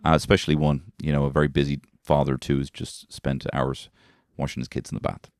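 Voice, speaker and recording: An Irish man in his thirties, a comedian hosting a podcast from his shed, rambling and swearing while high on weed. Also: flat delivery, a little fast, no echo, studio quality. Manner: rambling, swearing, laughing at his own jokes. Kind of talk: rambling comic monologue. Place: garden shed.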